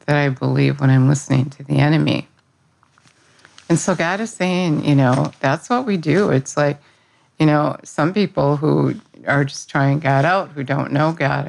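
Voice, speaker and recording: Woman, low voice, gravelly fry, earnest, conversational devotional, frequent restarts. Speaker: devotional speaker. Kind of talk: casual spoken devotional.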